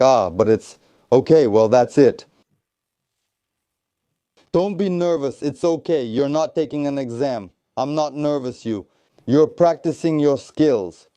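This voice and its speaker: A man's voice: mid-range voice, warm tone, clear, resonant tone, no room sound. Man, tactical medicine instructor, hands-on drill coaching, repetitive encouragement, dry close sound. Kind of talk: hands-on first aid training instruction.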